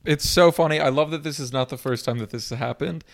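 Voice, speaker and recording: A man's voice: fairly high pitch, fast, vocal fry. Joking man co-hosting a casual podcast. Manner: joking, playful banter. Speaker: podcast co-host. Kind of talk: casual chat.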